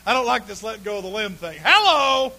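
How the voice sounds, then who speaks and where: A man preaching a humorous sermon, telling folksy stories with sudden bursts of shouting and laughter. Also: high voice, quick pace, gravelly.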